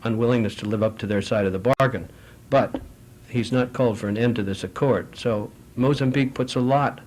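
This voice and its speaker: A middle-aged man at a foreign affairs forum fields questions from the audience. His talk is measured and full of anecdotes, and he often pauses and restarts mid-sentence. His voice sits at an ordinary mid pitch. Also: darkish tone, slight background noise.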